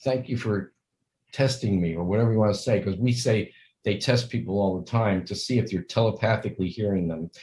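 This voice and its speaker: A man's voice: lowish voice, quick pace, darkish tone, low-quality recording. An older man speaking as an interview guest, talking earnestly in long, rambling stretches and acting out the greetings he quotes. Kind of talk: conversational interview.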